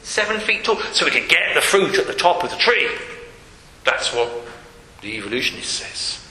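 High, bright-voiced preacher in an echoey hall. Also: male voice, sing-song, normal speed. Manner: earnest, repeats key phrases for emphasis. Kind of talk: sermon. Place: church hall. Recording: echoey hall with long reverb.

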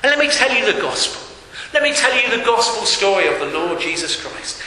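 A man preaching a sermon, emphatic and repetitive, sometimes dropping to a hushed voice. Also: sits high, sing-song, fairly quick. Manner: emphatic, repeating phrases, dropping to hushed tones. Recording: echoey hall with faint hiss.

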